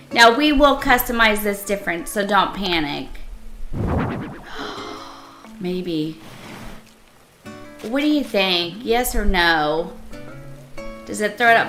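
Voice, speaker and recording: A woman live-streaming a cozy game, chatting casually and asking her viewers for their opinions, giddy and proud. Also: mid-range voice.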